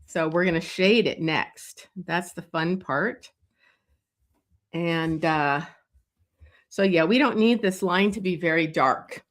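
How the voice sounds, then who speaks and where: A woman leading a live drawing lesson, talking slowly and thinking aloud as she sketches, with many pauses and fillers. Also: fairly low pitch. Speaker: drawing instructor. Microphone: streaming setup.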